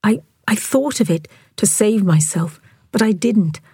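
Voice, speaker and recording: A remorseful, earnest teenage boy, as a woman reader whispers him. His words come in a very breathy, pleading whisper. The sound is close and dry, like a whispered audiobook. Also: medium pitch, lively intonation, a little slow, dark tone, no echo. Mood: wretched. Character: remorseful sixteen-year-old boy, rigid and earnest.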